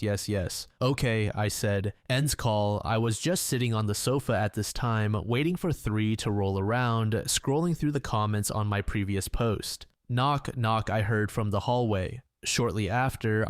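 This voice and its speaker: A man narrating a reddit story, reading every line, quotes included, in the same even, flat delivery. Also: lowish voice, no echo, studio quality.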